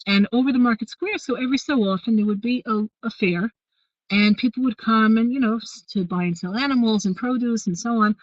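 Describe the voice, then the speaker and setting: A woman's voice: medium pitch, no room sound. A woman teaching a weekly women's class, retelling a Hasidic story with frequent fillers and restarts. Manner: storytelling with many fillers and restarts, warm asides. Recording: dry, dull lo-fi sound.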